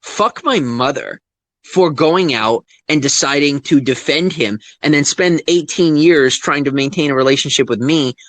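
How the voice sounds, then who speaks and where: A young man ranting to viewers, angry and profane, swinging from low muttering to loud, high outbursts, rambling with restarts. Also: normal speed, no room sound. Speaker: vlogger. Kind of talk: emotional unscripted rant to viewers.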